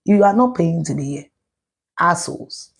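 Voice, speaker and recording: A woman's voice: fairly low pitch, expressive, normal speed, vocal fry, slightly rough. A middle-aged woman with a Ghanaian accent, ranting bluntly and profanely on a live stream, switching between Twi and English. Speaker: social media commentator.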